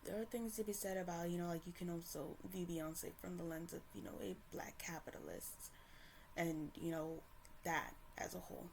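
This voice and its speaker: A woman's voice: fairly low pitch, fairly even intonation, normal speed, gravelly, a little mellow, a little hiss or hum. A woman ranting to camera in a casual, heated and profane way, stumbling and restarting often. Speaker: commentator. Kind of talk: casual opinion rant to camera.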